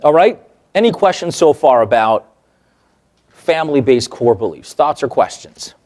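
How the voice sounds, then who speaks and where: A male therapist teaching a workshop, telling client stories in a lively way and checking in with the audience. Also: medium pitch, normal speed. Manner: animated, acts out quoted remarks, checks in with the audience.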